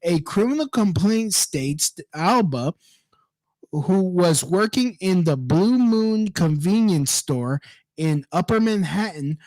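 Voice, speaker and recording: A man's voice: high voice, a little mellow, dry recording. A man reading a news story aloud and ranting about it, profane and indignant, breaking off to mock the people in it. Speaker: online commentator.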